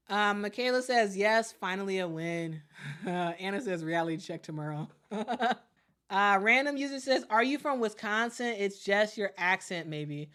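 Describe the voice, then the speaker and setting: A woman's voice: medium pitch, fairly bright tone. A woman, chatting through a live basketball commentary stream, reading viewer comments and repeating herself as she talks. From Chicago. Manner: repeats herself, reads chat aloud, laughs often.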